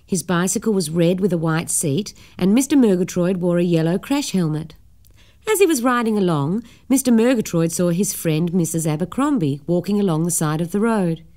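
A woman narrating a children's story in an expressive reading voice. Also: on the low side.

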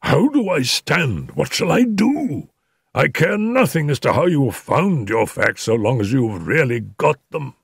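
An older man reading an audiobook, voicing a hoarse, desperate father pleading in a high, strained voice. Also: sing-song, normal speed, few pauses, no echo, clean studio sound, exaggerated voice. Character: anxious, desperate middle-aged father.

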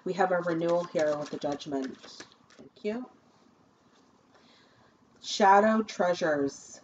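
A woman's voice: on the low side, slow pace. A woman giving a spiritual tarot reading, effusive and chatty, calling viewers "my loves" and checking in with "okay?". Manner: effusive, addresses viewers as "you guys" and "my loves", tags lines with "okay?". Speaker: shaman and tarot card reader. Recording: muffled lo-fi recording with faint hiss.

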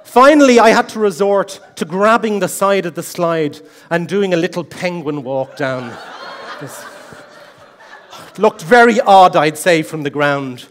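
A middle-aged man giving a humorous competition speech, an animated, self-mocking storyteller, in a large hall. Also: high voice, measured pace, some chatter behind. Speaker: contest speaker. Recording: long hall reverb.

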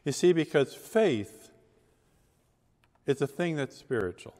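A man's voice: fairly high pitch, lively intonation, slow pace, darkish tone. Man preaching in a reverberant church. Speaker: pastor. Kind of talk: sermon with scripture reading. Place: church sanctuary.

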